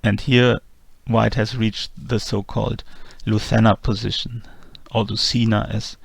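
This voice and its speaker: A man teaching a chess endgame lesson in a calm, methodical voice-over, walking through the moves one by one. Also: fairly low pitch, measured pace, creaky, husky, no echo. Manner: methodical, calm move-by-move explanation. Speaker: chess instructor. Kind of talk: explanatory chess lesson narration.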